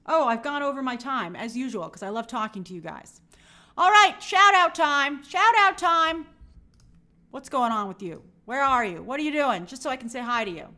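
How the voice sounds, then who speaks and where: Woman, stream host, high voice, lively swooping intonation, casual chatty, reading out viewer comments. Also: quick pace, few pauses. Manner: upbeat, chatty, greets viewers warmly by name.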